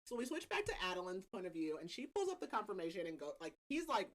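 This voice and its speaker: A woman's voice: medium pitch, sing-song, quick pace. A woman hosting a podcast, casually recapping a book's plot with a chatty, laughing manner and lots of filler words. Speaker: podcast host. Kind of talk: casual book recap chat.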